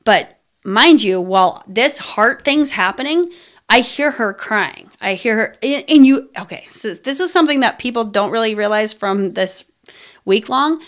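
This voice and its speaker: A candid woman hosting a casual podcast, her voice sitting somewhat high. She tells her story freely, swearing often and sprinkling in fillers. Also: expressive, moderate pace, a bit bright. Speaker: podcast host.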